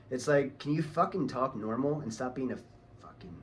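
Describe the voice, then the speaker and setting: A man's voice: mid-range voice, animated, normal speed. A man ranting heatedly on his vlog, swearing a lot and talking in a casual, angry way. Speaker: vlogger.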